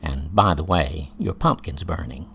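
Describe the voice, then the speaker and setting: A man reading the part of a kind, cultured mother in a gentle, encouraging way. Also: rumbling low, unhurried, gravelly, a little hiss or hum, heavily acted.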